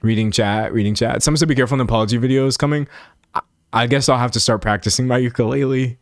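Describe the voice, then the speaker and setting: A man's voice: medium pitch, fast talker, dry recording, clean studio sound. A man commentating on a live stream and reading chat aloud. He rambles, restarts his sentences and pokes fun at himself. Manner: animated and rambling, self-mocking, many restarts.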